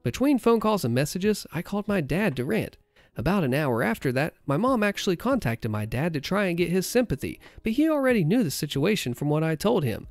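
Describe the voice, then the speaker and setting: A man's voice: sits high, big pitch swings, fairly quick, no room sound. A man narrating a first-person story in a conversational retelling.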